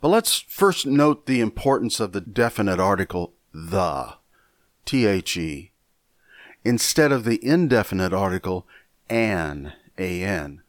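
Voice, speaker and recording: A man teaching a Bible lesson in a measured, deliberate way, often repeating a word as he thinks. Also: low-pitched, big pitch swings, dry recording, studio quality. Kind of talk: sermon lesson.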